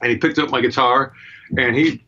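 A man's voice: mid-range voice, fairly even intonation, normal speed, pushed and bright, dull audio. A man, a guitarist being interviewed from his home studio, telling stories in a laid-back, wry way. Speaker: guitarist and guest. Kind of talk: relaxed interview chat.

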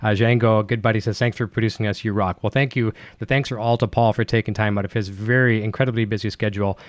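A man's voice: lowish voice, fairly even intonation, quick pace, no room sound. A man hosting a live-streamed interview, upbeat and enthusiastic as he chats with his guest. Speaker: livestream host.

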